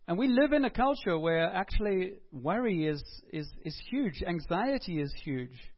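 A man's voice: high-pitched, very animated, normal speed. A man preaching a sermon in an earnest, conversational way, asking his listeners rhetorical questions. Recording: dull lo-fi recording.

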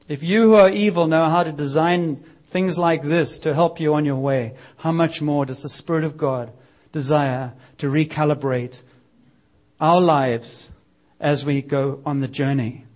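A man preaching a sermon in a church, lively and using a prop as a visual aid. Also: on the high side, measured pace, lo-fi sound.

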